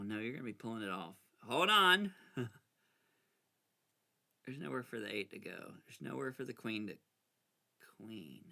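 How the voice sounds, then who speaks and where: A man casually talking himself through a card game, anxious and excitable, arguing with himself as he plays. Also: medium pitch, vocal fry. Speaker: gameplay video creator. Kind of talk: casual talk over a solitaire game.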